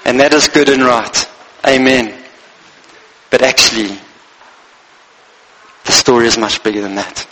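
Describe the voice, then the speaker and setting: A man's voice: mid-range voice, a little slow, long pauses, pushed and bright, slight background noise, rough recording. A man preaching a Christmas sermon as pastor, speaking earnestly in short phrases and reading scripture aloud.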